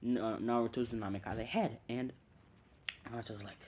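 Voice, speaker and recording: A man rambles through a fan story in a casual, unscripted way, pausing to fix his own mistakes. His voice sits at an ordinary middle pitch. The home recording sounds dull and lo-fi. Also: steady tone, background noise. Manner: rambling, hesitant, often corrects himself.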